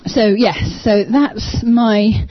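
A woman's voice: on the high side, fairly even intonation, drawn-out words, a little hiss or hum. A woman, sharing a personal faith story in a small group, hesitant with many ums but enthusiastic. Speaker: church small group member. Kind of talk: casual personal testimony. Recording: dull lo-fi sound, dry.

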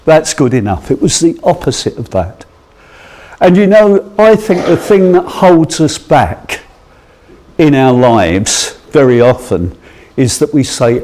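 A man's voice: mid-range voice, animated, slow pace, warm tone. A middle-aged English man delivers a homely sermon in a rambling, storytelling way. He trips over his words, restarts often and chuckles as he goes, then draws a plain lesson at the end. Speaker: preacher. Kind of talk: anecdotal sermon.

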